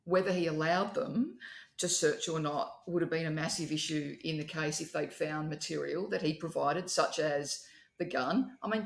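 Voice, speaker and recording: A woman's voice: low-pitched, roomy sound. A woman with legal expertise guesting on a podcast, making pointed remarks and firing questions. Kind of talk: casual chat.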